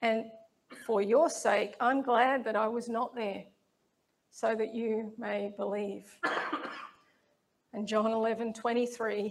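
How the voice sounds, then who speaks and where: Slow, gravelly-voiced woman preaching. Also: fairly high pitch. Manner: slow, measured, reflective delivery. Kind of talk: sermon reading scripture.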